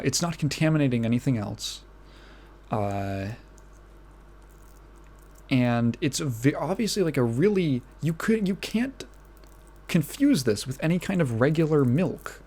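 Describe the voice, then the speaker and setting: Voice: medium pitch, darkish tone, breathy edge. A podcast host ranting in casual commentary, exasperated and profane, often restarting and trailing off mid-phrase.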